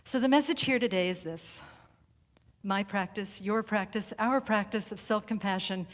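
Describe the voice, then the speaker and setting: A woman delivering a sermon through a story, speaking in a measured, deliberate way with long pauses and softened phrases. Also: medium pitch. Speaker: speaker at a spiritual center service. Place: sanctuary hall. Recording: reverberant hall recording.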